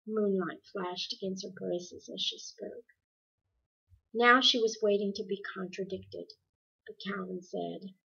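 Bright, breathy woman reading a story. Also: medium pitch, steady tone, slow pace. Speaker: audiobook reader. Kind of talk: storybook narration. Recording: dull lo-fi recording.

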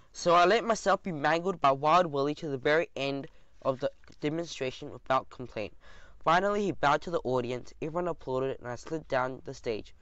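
Guy reading a kids audiobook, lively storytelling, slightly high voice, dull dry sound. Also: no echo. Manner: expressive first-person storytelling. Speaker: audiobook narrator. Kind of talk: scripted audiobook narration. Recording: dull lo-fi recording.

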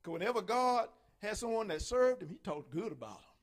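Animated preacher man. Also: high voice, fairly quick. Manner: animated preaching, folksy, acts out quoted voices. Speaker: pastor. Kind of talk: sermon.

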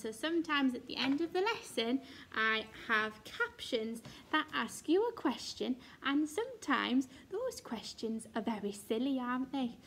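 A woman's voice: high voice, fairly bright tone, a little hiss or hum. A woman teacher giving a recorded phonics lesson to young children, sounding out letters and praising in a sing-song, encouraging way. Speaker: reception class teacher.

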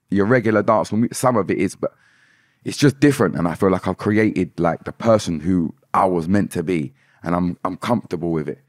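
A young British dancehall artist, appearing as a guest in a podcast studio, tells his story candidly, restarting sentences and repeating words often. His voice is fairly low, and the recording is dry with clean studio sound.

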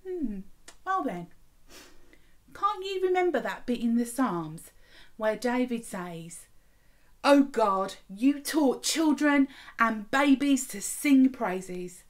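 A woman voicing a calm, kind man answering gently in a told story. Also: a little high, slow, pitched above the performer's own voice. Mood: gentle. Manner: gentle, patient.

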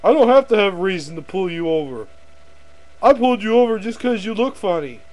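A man playing a loud-mouthed traffic cop who barks questions and threats, recorded on a webcam microphone. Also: high voice, big pitch swings, fairly quick, voice pushed up, low-quality recording. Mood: bullying. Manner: barking, interrogating, threatening.

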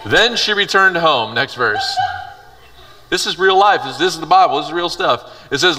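A man gives a youth sermon in a casual, conversational way, reading a passage and then retelling it in everyday words. His voice is bright and forceful. It is heard from some distance in a big hall with a long echo. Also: on the high side, expressive, normal speed. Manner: conversational, reads scripture aloud and paraphrases it. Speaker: youth pastor. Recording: reverberant hall, voice from afar.

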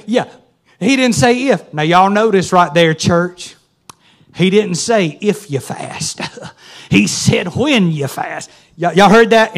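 A man preaching a sermon, folksy and calling on the congregation to answer. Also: high voice. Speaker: pastor. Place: church sanctuary.

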